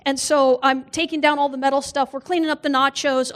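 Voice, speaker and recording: A woman's voice: high-pitched, level tone, fairly quick, hardly any pauses. A woman guest speaker giving a humorous sermon in a church, telling personal stories, acting out quoted voices and laughing often.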